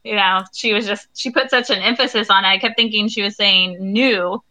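A woman's voice: mid-range voice, fairly even intonation, a little fast, bright, forceful tone, poor audio. A woman as a podcast guest, talking casually and laughing along. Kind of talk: casual chat.

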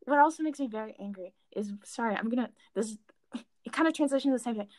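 A young woman rants in a casual chat, heated and exasperated, with "like" scattered through her sentences. Her voice sits fairly high. The recording is dry and close, with no room sound. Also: fast, dry recording. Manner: heated, exasperated, lots of fillers.

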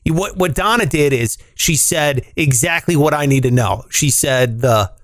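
A man co-hosting a podcast reads listener comments aloud in casual chat at a normal speed, animated and jokey. He swears, and his pitch jumps up when he argues. The recording is dry.

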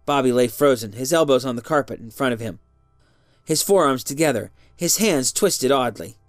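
An expressive storyteller reading a tale aloud. The pitch moves a lot, rising and falling through the sentences. The recording is dry and close, with faint music underneath. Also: moderate pace, no room sound. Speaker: narrator.

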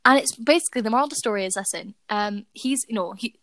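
A woman's voice: on the high side, fast, a bit bright, no echo. A young woman co-hosting a podcast, telling a personal story in casual chat and talking to her listeners. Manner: chatty storytelling, giggly, addresses listeners. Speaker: podcast co-host.

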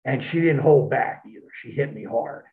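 Gravelly man on a tinny phone line. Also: medium pitch, moderate pace. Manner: profane, animated storytelling. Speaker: wrestler guest. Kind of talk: storytelling in an interview.

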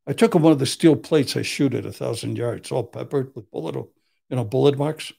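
A man's voice: mid-range voice, fairly quick, gravelly, warm tone. An older man, a criminal defense attorney, telling blunt, profane stories in casual chat and acting out what people said. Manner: profane, blunt, acts out quotes.

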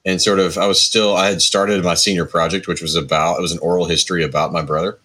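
Musician guest, male, 40s, deep voice with a bright edge; loose, hedging storyteller. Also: steady tone, fast talker, husky. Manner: rambling, lots of hedges and restarts. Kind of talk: casual interview storytelling.

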